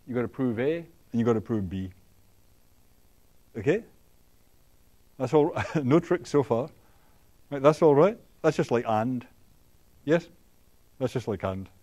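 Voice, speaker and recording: A man giving a university lecture, talking in a halting way with many ums and restarts, often checking in with the students. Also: fairly high pitch, dark tone. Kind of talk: classroom lecture. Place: lecture hall.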